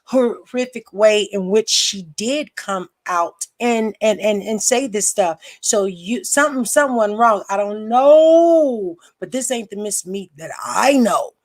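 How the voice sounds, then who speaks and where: A woman's voice: medium pitch, expressive, takes it slowly, few pauses. A woman hosting a livestream, ranting angrily and bluntly with profanity and repeated lines. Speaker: livestream host. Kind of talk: heated livestream rant.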